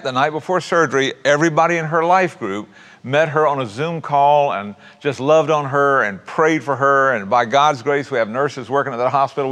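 A man's voice: mid-range voice, a bit bright, big-room sound. A middle-aged man preaching a sermon as pastor, folksy and conversational, often dropping in "man" and "uh".

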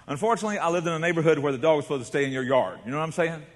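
A man preaching a sermon as pastor, telling stories dramatically and swinging from hushed tones to shouts. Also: on the high side, animated, racing. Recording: long reverb of a large hall.

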